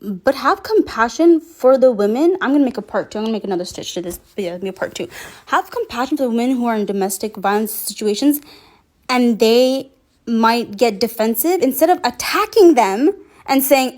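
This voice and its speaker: Woman, higher voice, impassioned online commentary, emphatic and heated delivery. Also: expressive, a little fast. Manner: emphatic, rising to near-shouting. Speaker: social media commentator.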